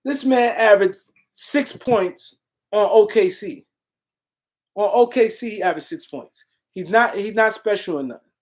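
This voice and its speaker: A man hosting a casual sports livestream, answering comments and shouting out viewers in the chat. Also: high-pitched, normal speed. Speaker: livestream host.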